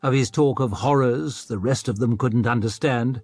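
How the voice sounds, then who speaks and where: A man narrating an audiobook in a measured, even storytelling manner. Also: medium pitch, husky, no echo. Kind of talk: scripted narration.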